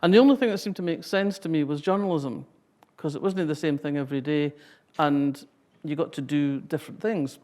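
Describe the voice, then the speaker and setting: A woman's voice: low-pitched, a little fast, dark tone. A Scottish woman in her sixties giving a public talk, reading a passage and then telling wry, humorous anecdotes.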